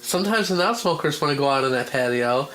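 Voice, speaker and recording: A man with a hoarse voice hosting a casual radio talk show, blunt and swearing freely. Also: on the high side, fast, rough recording. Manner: blunt and swearing, animated in argument. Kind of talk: casual chat. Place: small home studio.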